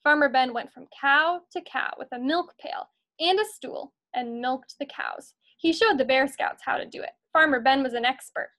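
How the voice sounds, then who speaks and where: Teacher lady reading a storybook to her class, high voice, encouraging. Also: normal speed, pushed and bright. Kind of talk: reading a picture book aloud to students.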